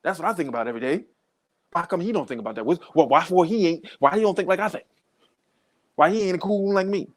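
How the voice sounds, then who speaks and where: A man's voice: high voice, fast, pitched above the performer's own voice. A man mocking a groveling male sports pundit. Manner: mocking, sneering caricature.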